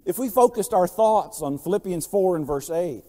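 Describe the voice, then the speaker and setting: High-voiced preacher man in a reverberant hall. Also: animated, moderate pace. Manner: storytelling preacher, swings from quiet to loud. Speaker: pastor. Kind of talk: sermon.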